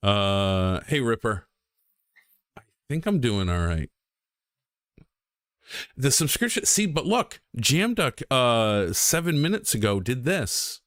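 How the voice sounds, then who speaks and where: A man's voice: mid-range voice, big pitch swings, takes it slowly, long pauses, fairly bright tone, no room sound, studio quality. A young man chatting casually on a game stream, rambling and self-deprecating with lots of ums and restarts.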